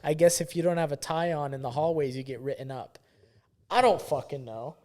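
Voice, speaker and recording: A young man from Southern California, hosting a podcast and telling a story in casual chat, animated and swearing freely. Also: a little high, brisk. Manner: animated, swearing, acts out quotes. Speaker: podcast host.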